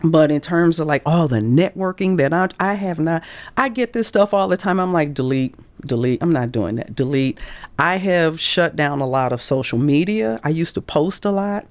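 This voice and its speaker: A woman's voice: lowish voice, normal speed, dry recording. A middle-aged woman career coach telling candid stories on a podcast, acting out the quoted voices and dropping to whispers. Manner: animated, acts out quoted speech, drops to whispers.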